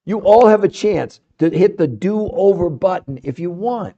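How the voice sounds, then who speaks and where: A middle-aged man hosting a live stream, speaking fiercely and insistently, sometimes dropping into quiet asides. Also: high voice, expressive, unhurried. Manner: fiery and insistent, often trailing off into quiet asides. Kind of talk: energetic live-stream pitch. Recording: dull lo-fi live-stream audio.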